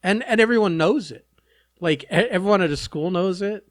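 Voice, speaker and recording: A man's voice: high-pitched, brisk, dry recording, studio quality. A man co-hosting a podcast in casual chat, making wry quips with hesitant fillers. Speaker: podcast co-host.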